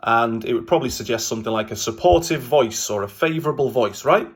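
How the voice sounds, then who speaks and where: A man with a Welsh accent teaching a language lesson in a relaxed, chatty way, often pausing with ums and uhs. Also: mid-range voice, husky. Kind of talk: casual explanatory language lesson.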